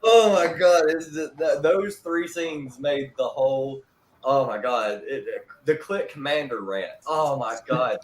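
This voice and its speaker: A man chatting excitedly on a fan podcast, swearing freely and laughing a lot. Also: fairly high pitch, a little slow. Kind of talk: casual podcast chat. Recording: echoey room, faint noise.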